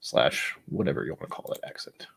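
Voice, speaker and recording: A man's voice: brisk, a bit bright. An American man hosting a casual whisky-tasting livestream from home, rambling and self-deprecating as he sets up and talks to himself. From United States. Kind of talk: casual solo livestream chat. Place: home room, seated at a desk with glasses.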